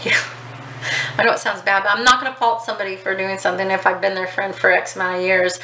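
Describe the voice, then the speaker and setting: A woman with a bright, forceful voice tells a rambling personal story in casual vlog style. She swears freely and fills her talk with ums and likes. The recording is echoey, with faint outdoor noise behind her. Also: mid-range voice, level tone, quick pace. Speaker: vlogger.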